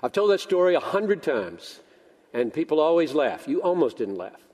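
A man's voice: fairly high pitch, normal speed. Older male pastor preaching in a hall. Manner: animated storytelling, acts out both sides of a dialogue. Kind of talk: sermon. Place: church sanctuary.

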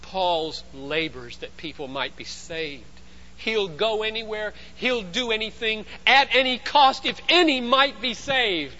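Brief: male pastor, high bright voice, sermon, dull recording with a faint hum. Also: animated, measured pace. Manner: emphatic, swings between loud and hushed.

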